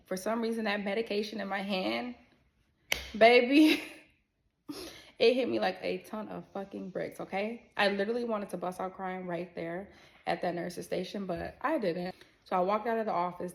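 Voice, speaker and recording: Gravelly woman telling a wild story. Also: medium pitch. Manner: animated, acts out quoted people, swears freely. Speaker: storyteller sharing a personal health scare. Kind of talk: casual storytelling to viewers.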